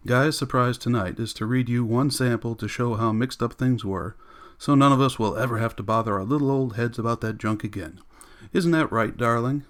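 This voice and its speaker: Eine zittrige, schmeichelnde Ehefrau, von einem männlichen Sprecher gelesen, nervös und süßlich, mit mittlerer Stimmlage in einem Hörbuch. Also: male voice, mid-range voice, normal speed, natural voice. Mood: coaxing. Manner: quavery, coaxing. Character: nervous wife covering up, falsely sweet.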